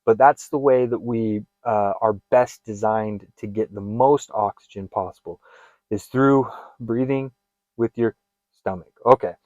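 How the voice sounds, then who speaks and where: A man's voice: on the low side, a little slow, darkish tone, no room sound, dull audio. A man coaching listeners through a breathing exercise in an earnest, direct way, often repeating his instructions. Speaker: fitness and wellness coach.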